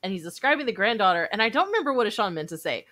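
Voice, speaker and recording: A woman's voice: mid-range voice, very animated, very fast, sharp tone. A woman co-hosting a casual podcast chat, telling a funny story with lots of laughter. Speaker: podcast co-host.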